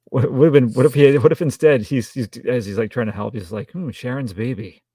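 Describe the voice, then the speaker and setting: A man co-hosting a casual film review podcast, making dry, deadpan jokes. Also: mid-range voice, quick pace, no echo. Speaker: podcast co-host.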